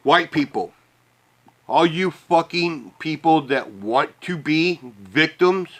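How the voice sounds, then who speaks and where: Speaking slowly but animatedly, a man from the American Midwest vents an angry, foul-mouthed monologue at the camera. His pitch runs fairly high with a slightly bright edge, and bitter laughter punctuates the tirade.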